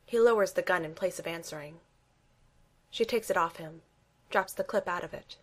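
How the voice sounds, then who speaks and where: A woman narrating a story in a steady, wry reading voice. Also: lowish voice, normal speed. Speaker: reader.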